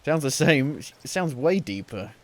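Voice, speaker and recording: A man's voice: a little high, very animated, unhurried. Joking man commentating his gameplay. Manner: joking, chatty, teasing the game. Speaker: gaming streamer. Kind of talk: let's play commentary. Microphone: headset.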